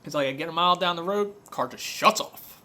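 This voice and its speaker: The owner of a car repair shop launches into a casual, filler-heavy rant full of customer stories, told in a conversational way. He speaks fairly quickly in a high-ish, bright, forceful tone.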